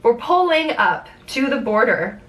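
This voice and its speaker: A young Canadian woman recounts a trip in a casual vlog, her fairly high voice swinging wide as she acts out every exchange. She swears freely and sits slightly off the microphone, so the sound is a bit distant. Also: measured pace. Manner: animated, swearing, acts out quotes with big pitch jumps. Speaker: vlogger. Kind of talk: casual storytelling.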